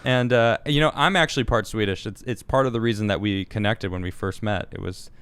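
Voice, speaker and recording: A man hosting a casual livestream show, talking in an animated, stumbling way and often repeating words. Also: on the low side, a little fast, clean tone. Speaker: host.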